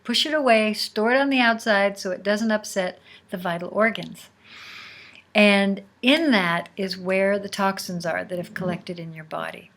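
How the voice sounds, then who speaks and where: A woman host telling a personal story in a casual, unhurried way, sometimes dropping to a near whisper. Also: medium pitch, a bit bright. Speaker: podcast host.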